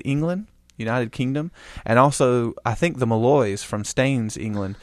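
A man's voice: medium pitch, a little slow, hardly any pauses, darkish tone, dry recording, clean studio sound. A man with a Southern US accent, co-hosting a podcast in a laid-back, rambling, joking way. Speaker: podcast co-host. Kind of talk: casual chat.

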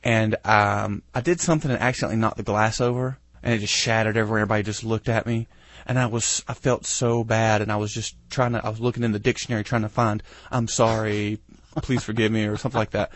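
A man's voice: on the low side, little pitch movement, quick pace. A man with a Southern US accent hosting a casual podcast, telling rambling, self-deprecating stories. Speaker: podcast host.

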